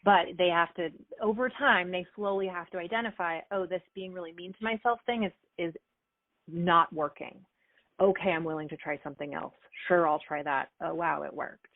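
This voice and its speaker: Animated woman over a tinny line. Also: lowish voice, normal speed, no room sound. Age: middle-aged. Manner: animated, acts out quoted dialogue with fillers. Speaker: performance coach, guest. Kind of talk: conversational interview answers. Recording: tinny phone-like line, dry.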